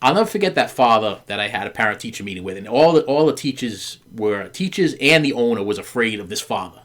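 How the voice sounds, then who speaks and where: A man's voice: fairly low pitch, lively intonation, quick pace, fairly bright tone. Earnest, rambling middle-aged man. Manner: rambling storyteller, stumbles and repeats words, many fillers; earnest, acts out quoted voices. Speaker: podcast host. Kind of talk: candid conversation with his wife.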